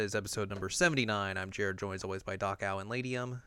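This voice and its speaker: A man co-hosting a casual anime recap podcast, joking as he acts out characters in quick asides. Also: on the low side, fairly bright tone, clear, resonant tone, no room sound, studio quality. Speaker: podcast co-host.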